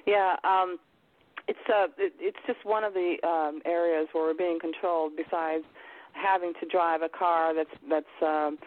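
Call-in host, mid-pitched voice, phone-line sound, slow hesitant delivery full of "uh". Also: fairly even intonation, slight background noise. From lives in France. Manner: hesitant, many "uh" and "um" pauses. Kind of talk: casual call-in conversation.

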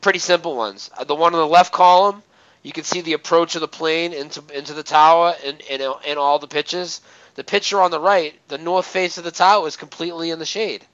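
A man's voice: on the high side, fairly even intonation, a little fast, a bit bright, dry recording. A man co-hosting an internet radio show in casual talk, who laughs easily and fills his speech with uh and um. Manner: laughs while talking, many fillers and restarts. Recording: dull lo-fi sound.

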